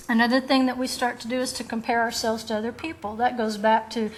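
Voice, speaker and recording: A woman's voice: on the high side, level tone, fast talker, hardly any pauses. A woman Bible teacher preaching a sermon in an earnest, direct way, asking rhetorical questions and acting out quoted lines. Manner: acts out quoted voices of children and rebels.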